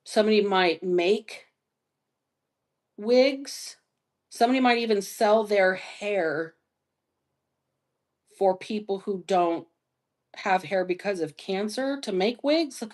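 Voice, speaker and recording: A woman hosting a live stream psychic reading, talking slowly and musingly and spelling out letters as she goes. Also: mid-range voice. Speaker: psychic reader.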